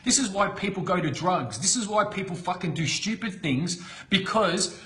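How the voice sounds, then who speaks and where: Brief: man, raised-pitch voice, fired-up live-stream motivator, blunt and foul-mouthed. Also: normal speed. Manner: blunt, swears constantly, excitable. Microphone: computer webcam.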